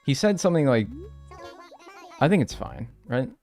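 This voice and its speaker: A man's voice: mid-range voice, sing-song, normal speed, dark tone, faint music behind. A man streaming a game live, chatting casually and joking with his chat from his room.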